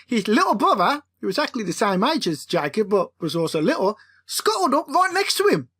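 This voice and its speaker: Woman author, playful comic audiobook reading, higher voice, very lively. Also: a little fast, husky. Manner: expressive, playful. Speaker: author reading her own book.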